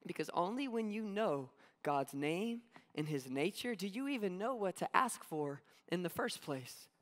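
A man's voice: high voice, expressive, a little slow. Preaching man in a reverberant hall. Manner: conversational, storytelling with acted-out quotes. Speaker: pastor. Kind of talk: sermon. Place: church sanctuary.

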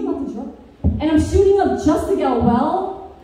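A high, mellow-toned woman works through a stand-up set with deadpan dark one-liners, now and then drifting into a sing-song lilt. Her voice comes from some distance away and rings through a very echoey room. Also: normal speed. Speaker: stand-up comedian.

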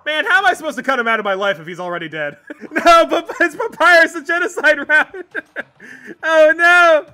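High, bright, lively young man streaming a game. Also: normal speed. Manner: reads game dialogue aloud, swears, laughs often. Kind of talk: let's play commentary.

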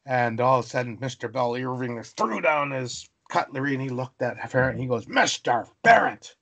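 A man from British Columbia, Canada, telling a story as an interview guest, animated and acting out voices. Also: mid-range voice, a little fast. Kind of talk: storytelling in conversation.

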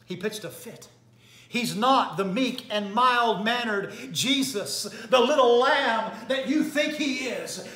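A male evangelist preaching a fiery sermon, shouting at times and dropping to a hush at others. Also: very high voice, lively intonation, takes it slowly, roomy sound. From United States. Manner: fiery, shouting and swinging from loud to hushed.

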